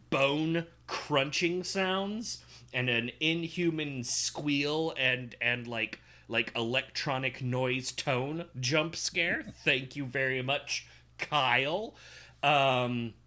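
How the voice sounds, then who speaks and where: A man co-hosting a podcast, giving a steady play-by-play summary of a film with light fillers. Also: medium pitch. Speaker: podcast co-host. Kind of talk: casual chat recapping a film.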